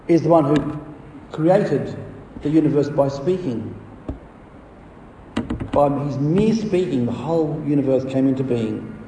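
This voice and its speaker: A male pastor with a warm, slightly high voice preaches a sermon, posing rhetorical questions and swelling on key phrases. He's recorded from far off in an echoey hall, with slight background noise.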